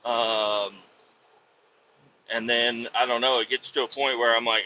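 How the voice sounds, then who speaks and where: A man's voice: medium pitch, little pitch movement, measured pace, pushed and bright, slight background noise. A man hosting a podcast, rambling through a work story in casual talk with heavy swearing. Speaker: podcast host, vacuum truck operator. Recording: dull lo-fi sound with faint ambience.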